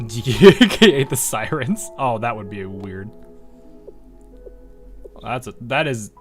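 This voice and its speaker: American streamer, lively swooping delivery, rambling chat, faint music behind. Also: male voice, mid-range voice, slow pace, long pauses. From United States. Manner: rambling, laughs often, trails off into asides. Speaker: game streamer. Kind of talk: casual game commentary.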